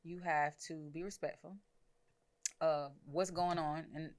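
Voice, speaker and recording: A woman's voice: low voice, fairly even intonation, measured pace. A young woman hosting a podcast, talking frankly and measuredly, thinking aloud in casual chat. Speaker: podcast host.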